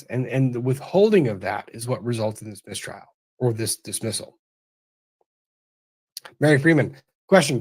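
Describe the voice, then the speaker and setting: A man of ordinary middle pitch works through a stream of viewer questions on a late-night livestream. He reads each one aloud and answers briefly and plainly. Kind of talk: livestream Q&A commentary.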